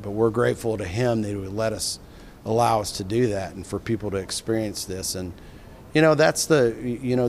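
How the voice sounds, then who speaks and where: An excited, rambling middle-aged man telling a story. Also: lowish voice, a little hiss or hum. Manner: enthusiastic, rambling, with repeated restarts. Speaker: filmmaker. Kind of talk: animated storytelling in an interview.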